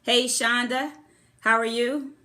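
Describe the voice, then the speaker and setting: A woman's voice: a little high, fairly even intonation, slow pace, sharp tone. A middle-aged woman and former therapist hosting a live-streamed motivational talk, effusively greeting viewers by name before her topic. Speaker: host of a motivational livestream. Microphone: phone camera.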